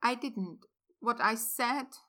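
A woman's voice: on the high side, takes it slowly, bright, forceful tone, pitched above the performer's own voice. A woman reading a story aloud, voicing an emotional young man who speaks in a breathless, half-whispered way. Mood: guarded. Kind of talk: reading fan fiction aloud.

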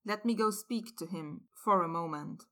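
A mild, tired werewolf man, voiced by a woman reading the story, his lines dropped a little lower and quieter than her narration. He speaks gently and with understatement, never raising his voice. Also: normal speed. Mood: gentle. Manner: soft-spoken, mild, understated. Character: gentle, weary middle-aged male werewolf.

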